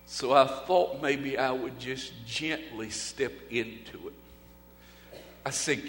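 A male preacher tells a story in a sermon, speaking folksy and dramatic with pauses and swings from loud to hushed. It is recorded in an echoey hall. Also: medium pitch, soft background music. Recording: echoey hall with faint hum.

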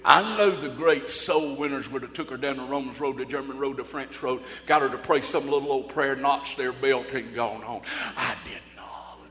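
A male preacher tells a story in a sermon, speaking folksy and dramatic with pauses and swings from loud to hushed. It is recorded in an echoey hall. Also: mid-range voice. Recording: echoey hall with faint hum.

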